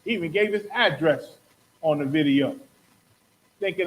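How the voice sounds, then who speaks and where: A man's voice: high-pitched, animated, normal speed, long pauses, fairly bright tone, poor audio. A man hosting a talk show, giving impassioned, preachy religious commentary and acting out quotes. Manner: preachy, rhetorical, acts out quotes. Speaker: podcast host.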